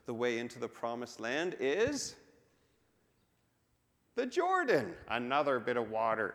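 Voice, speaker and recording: Man preaching slowly in an echoing church. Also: fairly high pitch. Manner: animated storytelling, acting out voices of crowds. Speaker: pastor. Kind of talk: sermon. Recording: long reverb of a church hall.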